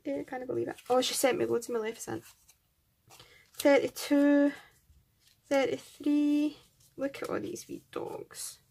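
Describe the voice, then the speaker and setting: A woman's voice: a little high, creaky. A Scottish woman hosting a craft channel, chatting casually and gushing as she unboxes and counts items aloud. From Scotland.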